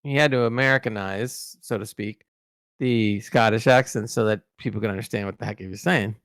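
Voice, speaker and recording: A man's voice: fairly low pitch, brisk, clear, resonant tone, no room sound, clean studio sound. A man hosting a podcast, telling behind-the-scenes stories in a rambling, casual way with many restarts. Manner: rambling, many restarts and fillers, animated in anecdotes. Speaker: podcast host recalling interviews. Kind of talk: casual storytelling chat.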